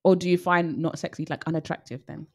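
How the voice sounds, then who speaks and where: A woman's voice: deep voice, steady tone, fast. A woman co-hosting a show, chatting casually and teasing her co-host, laughing often. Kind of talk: casual banter.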